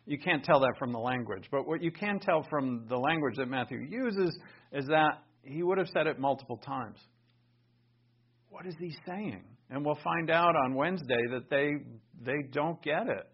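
Animated, husky-voiced male Bible teacher. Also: a little high, moderate pace, lo-fi sound. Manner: emphatic, animated, thinks aloud with restarts.

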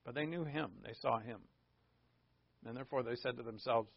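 Rhetorical questions and casual asides fill this pastor's conversational sermon, which he delivers fairly quickly in a creaky, medium-pitched voice. The recording is a dull, dry lo-fi one without echo.

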